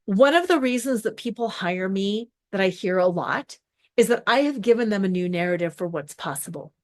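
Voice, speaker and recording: A woman hosting a podcast as a recovery coach, talking in a casual monologue with lively acted-out reactions and long spoken lists. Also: mid-range voice, moderate pace. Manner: animated, acts out quoted reactions, lists in runs.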